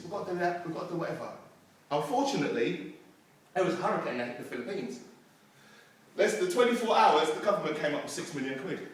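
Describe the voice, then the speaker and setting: Animated man speaking from far off. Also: a little high. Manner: storytelling, animated, acts out crowd voices. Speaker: motivational speaker. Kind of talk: motivational talk to young people. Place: youth centre hall. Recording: distant mic in an echoey room.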